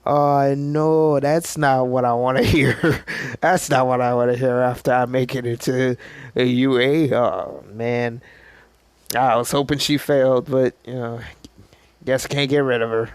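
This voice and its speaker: A man's voice: medium pitch, steady tone, measured pace, clean tone, no echo, natural voice. A man voicing a weary teenage boy hero with a groaning, resigned manner. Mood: dismayed.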